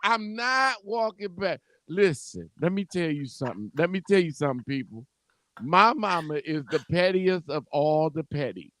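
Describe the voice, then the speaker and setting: A man co-hosts a laid-back talk show and spins a story in a high, bright voice. He laughs easily and stammers as he goes, and the room sounds dry and close. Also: lively intonation, normal speed, no room sound. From Cleveland, Ohio. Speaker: co-host. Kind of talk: casual storytelling chat.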